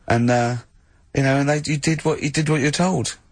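A man hosting a comedy radio show, telling animated stories and laughing often. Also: a little high, moderate pace, dry recording.

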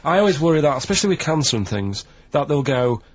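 A man's voice: a little high, very animated, fast, slightly rough. Matter-of-fact man, dull lo-fi sound. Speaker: radio show regular. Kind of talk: radio studio banter.

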